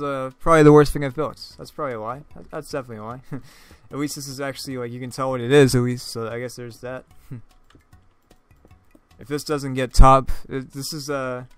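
A man's voice: mid-range voice, clean tone. A man giving casual, joking commentary over his own gameplay, laughing often and stumbling over his words. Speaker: gaming YouTuber.

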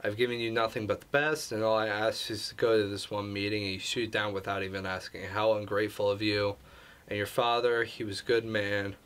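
A man reading out a stern, controlling mother's text messages in his own voice, with a lowish pitch. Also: flat delivery, fairly quick, a bit bright, clear, resonant tone, natural voice. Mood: scolding. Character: stern controlling mother texting her daughter.

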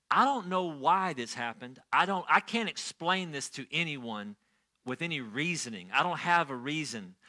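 A middle-aged man preaching a sermon as a pastor, telling stories and swinging from quiet asides to loud, excited bursts. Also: on the high side.

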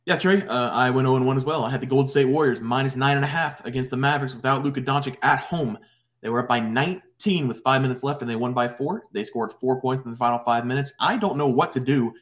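Brisk upbeat male betting-show host. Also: medium pitch. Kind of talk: sports betting picks chat.

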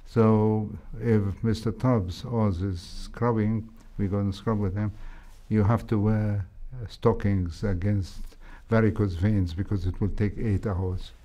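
An older man with an Egyptian accent tells stories from his years in surgery, unhurried and thoughtful. His voice is low and mellow, and he pauses often with soft hesitations. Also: fairly even intonation. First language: Arabic. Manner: slow, measured, with frequent hesitations. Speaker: interview guest, heart surgeon. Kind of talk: reflective interview storytelling.

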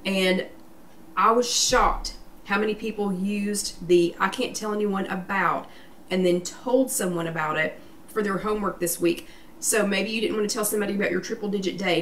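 A woman hosting a live online weight loss workshop, chatty and encouraging, greeting viewers by name. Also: mid-range voice. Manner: chatty, encouraging, reads viewer names and comments aloud. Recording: echoey room, voice somewhat far from mic, faint background noise.

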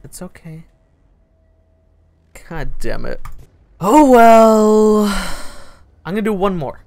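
A gaming channel host giving excitable gameplay commentary, swearing often and yelping at what happens in the game. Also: medium pitch, slow pace, creaky. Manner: excitable, swears a lot, yelps and laughs at the game.

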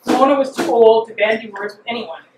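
A woman author reading her own fiction aloud at a live event, measured and expressive. Her voice sits fairly high and reaches the mic from a distance. A roomy, echoing venue adds a faint hum behind her. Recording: roomy hall, mic from afar.

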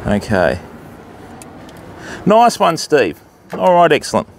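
A man's voice: on the high side, huge pitch swings, slow, vocal fry. An Australian man hosting a fishing channel, chatting casually and directly to his live viewers from a surf beach. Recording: noisy outdoor recording.

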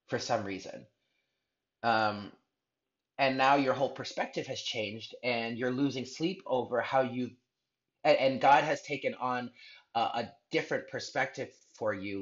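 A man's voice: mid-range voice, a bit bright, highs cut off. A man giving a spiritual tarot reading in an earnest, heartfelt way, rambling with restarts. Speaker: tarot reader.

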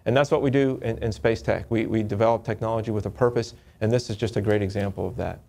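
A man giving a technical presentation to an audience, often restarting and repeating words in a halting, upbeat way. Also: fairly low pitch, steady tone, gravelly, a little mellow.

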